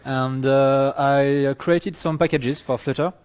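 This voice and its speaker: A man's voice: mid-range voice, fairly even intonation, a little slow, darkish tone, clear, resonant tone. A man introducing himself at a conference, hesitant and full of fillers. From France. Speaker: conference speaker.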